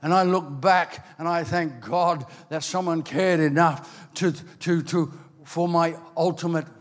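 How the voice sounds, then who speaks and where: An older man from Ireland, preaching a sermon with animated storytelling that swings between loud and soft. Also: on the high side, a little slow. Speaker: pastor. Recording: long hall reverb.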